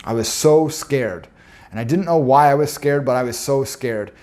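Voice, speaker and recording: A man's voice: mid-range voice, moderate pace, a little mellow. A young man telling a personal story in an earnest, intense way, often stopping to restart his words.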